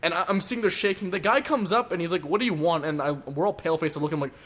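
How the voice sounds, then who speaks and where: A young man telling a wild story in casual chat, excitable, acting out what everyone said. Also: on the high side, very fast. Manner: excitable, acts out quotes, keeps saying "allegedly".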